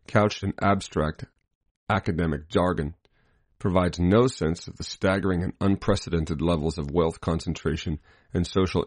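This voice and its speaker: A man with a very low voice reads a scripted political commentary at a measured, deliberate pace. He marks each quotation aloud as he goes. The sound is dry and close, with no room around it. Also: darkish tone, no room sound.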